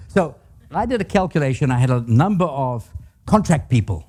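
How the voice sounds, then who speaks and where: A man's voice: medium pitch, very animated, normal speed, a little mellow, slightly rough. An older man giving a leadership talk to a live audience, telling stories with humor and asking the audience questions. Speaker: guest speaker.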